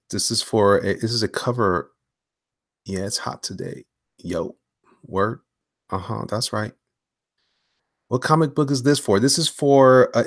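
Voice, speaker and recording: A man hosting a casual live stream from his home studio while drawing, talking in slang and swinging between hyped greetings and low mumbles. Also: no echo. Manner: animated, slangy, hyped one moment and mumbling low the next. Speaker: livestream host and comic illustrator.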